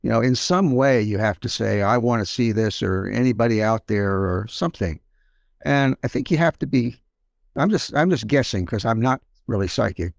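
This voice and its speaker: A man with a gravelly, creaky voice talks in a tentative, hedging way. The recording is dry and close, with no room sound. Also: mid-range voice, dry recording. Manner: tentative, hedging, soft-spoken asides. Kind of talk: casual chat.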